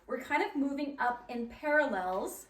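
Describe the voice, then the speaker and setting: A woman's voice: high-pitched, expressive, normal speed, a little hiss or hum. A woman directing a children's choir rehearsal, upbeat and encouraging as she counts the singers in. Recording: echoey room, mic at a distance, keyboard.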